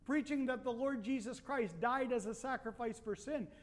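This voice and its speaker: High-voiced preacher in an echoing hall. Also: male voice, normal speed. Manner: rhetorical questions, rising emphasis. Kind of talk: sermon. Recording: long hall reverb.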